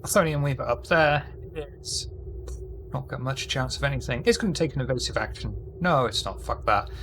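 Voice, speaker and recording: A man serving as game master for a sci-fi tabletop session, speaking at an ordinary middle pitch. He calls out difficulties and dice results in a relaxed tone. He narrates what the enemy ships do while he reasons it out aloud. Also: moderate pace, a little hiss or hum.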